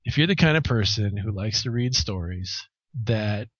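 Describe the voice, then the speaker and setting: A man's voice: fairly low pitch, animated, moderate pace, fairly bright tone, dry recording. A man being interviewed about his comics, talking casually and bluntly, rambling with lots of restarts and swearing. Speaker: comic artist guest. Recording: dry, dull lo-fi sound.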